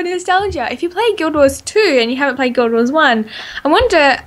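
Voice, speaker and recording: Aussie woman rambling happily on a gaming podcast, kinda high voice. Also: fairly quick. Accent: Australian. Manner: chatty and excitable, explains game lore with many fillers. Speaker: podcast co-host. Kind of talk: casual podcast chat.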